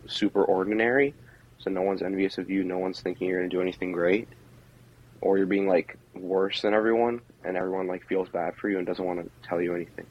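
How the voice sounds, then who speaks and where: A young man co-hosting a podcast in casual chat, laid-back and drawn-out, with lots of "like". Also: sits low, steady tone, lo-fi sound. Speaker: podcast co-host.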